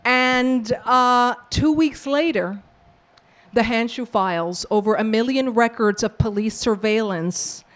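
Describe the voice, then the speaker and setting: A woman from the Bronx, an author and professor, answering audience questions with lively, acted-out storytelling. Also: on the high side, slow. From New York, the Bronx. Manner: animated storyteller who acts out quoted exchanges. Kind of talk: book talk Q&A, storytelling.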